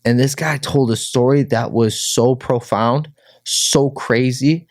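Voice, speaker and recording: A man's voice: medium pitch, fairly even intonation, slow, no echo, studio quality. A man from Minnesota, a pro fighter, telling his personal story as a guest, full of "like" fillers and acted-out quotes. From Minnesota, USA. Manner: heavy "like" fillers, acts out quotes.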